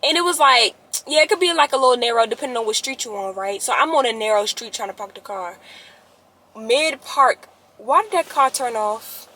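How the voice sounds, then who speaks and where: A young woman, telling a story to her viewers in a casual, animated way, often rising to exasperated outbursts. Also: fairly high pitch, brisk. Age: young adult.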